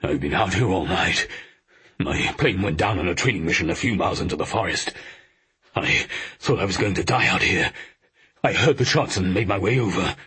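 A man's voice: sits low, animated, normal speed, sharp tone, slightly rough, exaggerated voice. A man voicing a cocky young male Luftwaffe officer in an audiobook, speaking in a breezy, mocking way. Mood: pleading.

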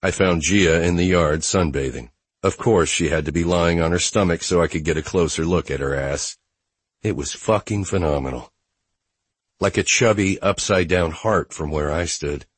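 Deep husky male audiobook narrator. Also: normal speed, no room sound. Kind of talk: first-person audiobook narration.

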